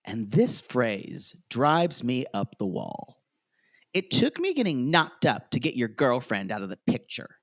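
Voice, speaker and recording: A man co-hosting a casual podcast, with a voice that swoops lively up and down as he retells scenes and slips into quick impressions of the cast. The sound is close and dry. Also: medium pitch, dry recording. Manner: animated, quotes cast members in put-on voices. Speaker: podcast co-host. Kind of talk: casual chat recapping a reality show.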